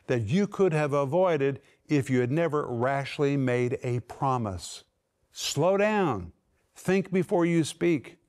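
A man preaching with a smooth, resonant voice that sits a little higher than most. He is emphatic, and he drags out key words to stress them. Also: darkish tone. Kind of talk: sermon teaching.

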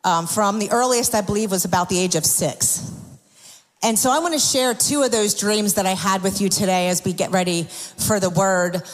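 A woman's voice: mid-range voice, moderate pace. A woman preaching a sermon, telling personal stories in an earnest, confessional way with frequent restarts. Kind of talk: sermon testimony. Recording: long hall reverb.

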